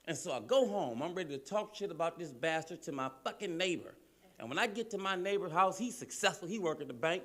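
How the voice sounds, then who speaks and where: A man from Cleveland doing a loud, profane, animated stand-up routine on a comedy club stage. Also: a little high, quick pace. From Cleveland, Ohio, US.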